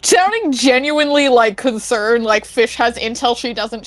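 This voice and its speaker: Bright-pitched woman player, animated. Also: moderate pace, dry recording. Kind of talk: casual tabletop play.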